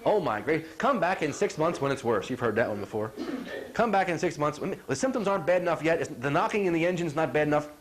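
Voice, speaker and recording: A middle-aged chiropractor with a high voice gives a folksy talk on health, speaking fast. He's animated, acts out what people say, and keeps asking "you follow?" to check that listeners are with him. There's noise in the background.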